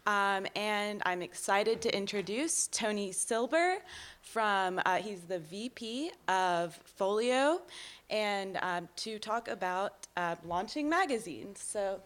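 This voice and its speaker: A young woman in her twenties, a student, introducing a speaker at an event, slow and hesitant with fillers. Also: mid-range voice, lively intonation, a bit bright.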